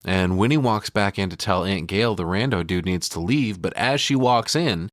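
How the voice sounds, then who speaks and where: A man's voice: low voice, moderate pace, no echo, clean studio sound. A man co-hosting a podcast, casually retelling a film scene by scene, acting out the characters' lines and swearing freely. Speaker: podcast co-host. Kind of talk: casual movie recap chat. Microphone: studio podcast mic.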